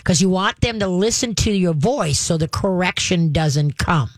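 A woman hosting a call-in radio advice show as a dog trainer, talking briskly and emphatically and dropping into slow, deep growls to demonstrate commands. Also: lively intonation, slight background noise.

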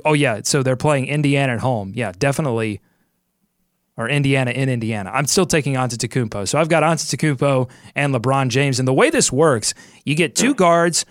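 A man's voice: mid-range voice, dry recording. Upbeat male podcast host, dry sound. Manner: upbeat, jokey, thinking aloud while picking. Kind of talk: casual sports podcast chat and ad read.

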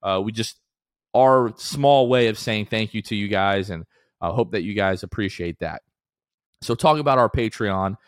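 A man's voice: on the low side, moderate pace, no echo, studio quality. A man co-hosting a casual sports podcast, talking in an upbeat, rambling way with many fillers. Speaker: podcast co-host.

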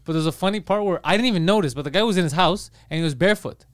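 Guy hosting a comedy podcast, high-ish voice, animated, does voices when he tells stories. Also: rapid-fire, no echo, clean studio sound. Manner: animated storyteller, acts out others' lines in shifting voices. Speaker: podcast host. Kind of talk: casual comedy podcast chat.

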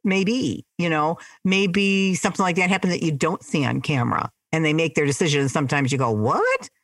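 A woman's voice: low voice, fairly even intonation, fairly quick, no echo. A middle-aged woman, a mother, chatting casually on a podcast with her adult son, gushing and talkative. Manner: chatty, warm-hearted and gushing. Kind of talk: casual chat.

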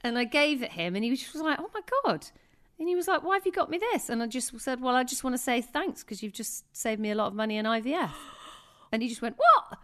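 A woman's voice: on the high side, fast, a bit bright. A woman in her thirties co-hosting a podcast, chatting casually and laughing often as she tells a story. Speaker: podcast co-host. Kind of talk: casual chat.

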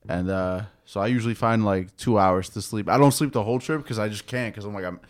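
A man telling travel stories in a casual chat, animated and trailing off quietly at the ends of sentences. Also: fairly low pitch, fast talker.

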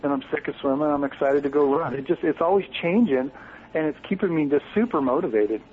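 A man's voice: fairly high pitch, a little fast, narrow, tinny audio, slight background noise. A man from Oregon, a podcast guest chatting casually and enthusiastically about his training. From Bend, Oregon. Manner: upbeat, enthusiastic. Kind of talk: casual chat.

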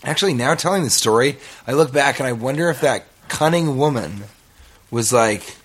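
A man casually telling a long, rambling story in podcast chat, animated and laughing as he goes. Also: mid-range voice, normal speed, slightly rough.

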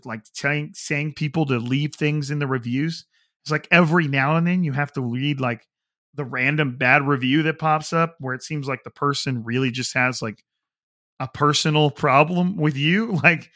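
Hosting a sports podcast by himself, a man rambles casually and leans heavily on fillers like "like" and "you know." His voice is a little high, pushed and bright.

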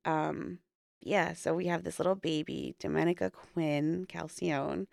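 Young woman w a gravelly low-ish voice, chatty and rambling, dry close mic. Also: fairly even intonation, measured pace, a little mellow, no room sound. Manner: chatty storytelling with frequent "like" and "um". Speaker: podcast co-host and new mother. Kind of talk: casual chat.

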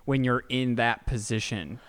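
A man asking gentle, curious questions on a casual podcast. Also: mid-range voice, unhurried.

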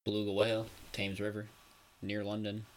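A man's voice: lowish voice, monotone, moderate pace, slight background noise. A young man co-hosting a casual podcast chat, blunt and profane, reading news items aloud. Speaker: podcast co-host.

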